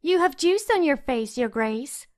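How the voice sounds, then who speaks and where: A woman's voice: high-pitched, animated, measured pace, voice pushed up. A woman reading an audiobook, voicing a fierce and sullen young noble girl who speaks bluntly and defiantly.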